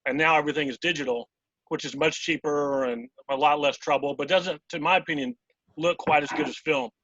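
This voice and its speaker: A man's voice: fairly high pitch, steady tone, fairly quick, fairly bright tone, no room sound. A man hosting an interview, asking long, rambling questions full of fillers. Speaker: interview host. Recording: dull lo-fi dry audio.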